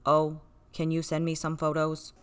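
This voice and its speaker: A text-to-speech voice playing a monotone computer imitation of a man in a comedy sketch. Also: mid-range voice, normal speed, clear, resonant tone, natural voice. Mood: deadpan. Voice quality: monotone, robotic.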